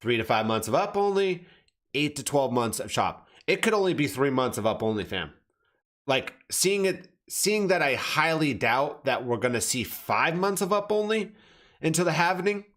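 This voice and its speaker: A man's voice: a little high, sing-song, normal speed, fairly bright tone. A man giving blunt, casual commentary on crypto charts, swearing, calling viewers "fam" and often correcting himself mid-sentence. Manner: self-correcting, restarts phrases.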